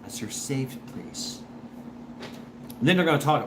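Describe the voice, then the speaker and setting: A man talks casually on a livestream, reacting to chat in stop-start bursts and repeating himself as he goes. His pitch swings around a lot. A steady hiss of background noise sits under the voice. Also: unhurried, pauses often. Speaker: livestream host reading chat. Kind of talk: casual rambling livestream talk.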